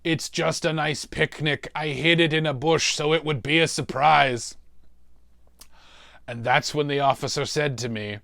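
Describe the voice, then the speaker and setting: A man's voice: fairly high pitch, fairly even intonation, fairly bright tone, dry recording, studio quality. A man playing a demonic torturer who hosts a mystery show and tells a comic story about suffering. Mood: wry. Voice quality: gravelly, slow, relishing talk of suffering. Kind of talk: comedic in-character storytelling.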